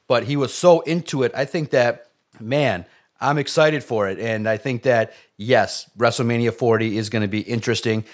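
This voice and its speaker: A man co-hosting a casual wrestling chat, animated and excitable, acting out quotes as he talks. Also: mid-range voice, moderate pace. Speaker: wrestling podcast co-host.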